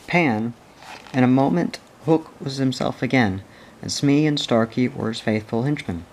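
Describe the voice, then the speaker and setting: A man reading a storybook aloud as narrator, measured and expressive. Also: mid-range voice.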